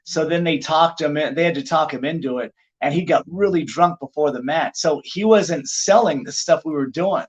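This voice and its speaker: Animated storytelling man, slightly high, muffled. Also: normal speed, few pauses, slightly rough. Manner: animated anecdote-telling, heavy use of "like". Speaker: pro wrestler guest. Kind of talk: casual podcast storytelling.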